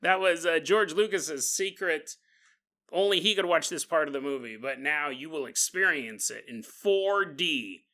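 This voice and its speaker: A man's voice: a little high, a little slow, pushed and bright. A man voicing a smug alien disguised as a famous space villain, in a comic podcast bit.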